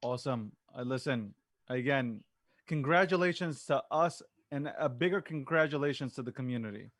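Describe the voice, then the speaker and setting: A man's voice: medium pitch, normal speed, a bit bright, no echo. Male host, loose and slangy, repeats himself, dry recording. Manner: loose, repetitive, slangy, swears. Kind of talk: casual interview talk.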